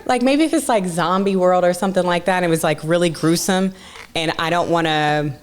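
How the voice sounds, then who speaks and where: Lowish-voiced woman rambling with fillers. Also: fairly quick, smooth. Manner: rambling, hesitant, many fillers. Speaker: podcast co-host. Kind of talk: casual chat.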